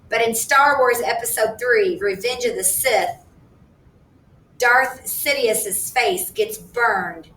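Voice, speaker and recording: A woman reading a novel aloud in a soft, measured storytelling manner. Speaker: reader. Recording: echoey room, distant mic, faint rumble.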